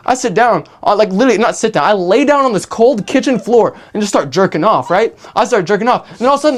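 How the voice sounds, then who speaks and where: A young man hosting a podcast, telling a rambling story in casual chat, swearing a lot and tagging lines with "right?". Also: high-pitched. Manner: rambling, animated, swears freely, many fillers like "right?". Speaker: podcast host.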